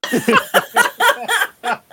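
A person hosting an improv game, cutting in with short brisk calls and chatting. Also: extremely high pitch, huge pitch swings, heavy background noise. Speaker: improv host calling the game. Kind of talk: game calling and podcast chat.

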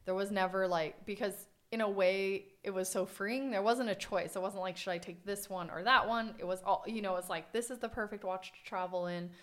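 A young adult woman guesting on a podcast, telling her stories in an animated, chatty way. She laughs often and acts out the lines of the people in them. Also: mid-range voice, a little fast, hardly any pauses. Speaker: podcast guest, watch collector. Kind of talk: casual conversation.

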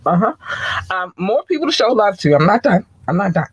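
A playful podcast host, a man with a somewhat high voice, chatting casually and loosely. He sounds close to the mic in a dry room with no echo. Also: sing-song, a little fast, husky. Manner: playful, chatty shout-outs with laughs. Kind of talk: casual chat.

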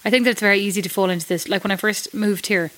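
A woman's voice: mid-range voice, fairly even intonation, racing, fairly bright tone, low-quality recording. An Irish woman in her forties from Ireland, telling stories in a casual chat, with lots of fillers and laughter. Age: 40s. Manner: chatty storytelling, laughs often, many fillers. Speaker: guest.

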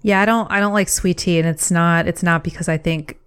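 A woman co-hosting a podcast, speaking in a measured, matter-of-fact way and reading listener questions. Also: fairly low pitch, fairly even intonation, fairly bright tone, smooth. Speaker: podcast co-host.

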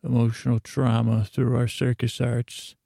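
A man's voice: mid-range voice, monotone, measured pace, creaky, warm tone, no room sound, clean studio sound. A man voicing an eager male entertainer who dreams of a new circus, in his own stammering, rambling voice.

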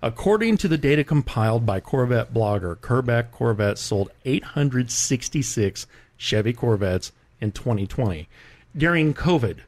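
A man's voice: mid-range voice, sing-song, moderate pace, darkish tone. A man hosts a car-news podcast, reading headlines in a mid-range voice. He keeps breaking into laughter as he reads, and his tone stays casual and jokey. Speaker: podcast host.

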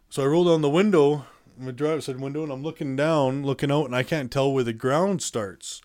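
A man's voice: medium pitch, a little fast, a little mellow. A man being interviewed, recounting events in a plainspoken, matter-of-fact way with many fillers and restarts. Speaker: interview guest. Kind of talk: casual storytelling in conversation.

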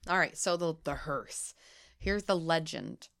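A woman co-hosting a casual podcast, reading spooky legends aloud in a playful, giggly way with dramatic pauses. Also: low voice, expressive, vocal fry, fairly bright tone. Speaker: podcast co-host.

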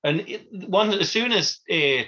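A man's voice: sits high, expressive, a little slow, pushed and bright, lo-fi sound. A man, co-hosting a casual chat about a film, wry and rambling. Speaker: podcast co-host.

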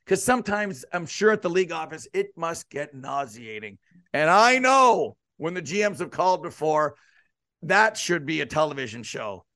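A man hosts a sports talk show in an easy, conversational way. He asks pointed questions and slips into lively asides. His voice sits high, and the sound is dry and close-miked. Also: moderate pace, no room sound. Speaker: podcast host.

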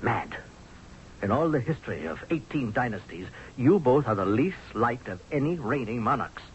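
A hard-headed, scornful military commander in a vintage radio play, voiced by a man. He talks forcefully, with sarcasm and wide swings in pitch. The recording is dull and lo-fi, like an old radio broadcast. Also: expressive, normal speed, a little hiss or hum, close to an everyday voice. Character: blunt angry male Egyptian general. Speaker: actor. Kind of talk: 1970s radio drama acting.

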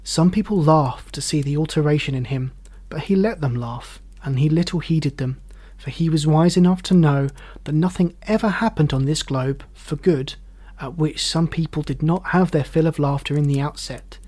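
Male narrator, storybook reading, expressive, measured, a bit higher pitched than usual.

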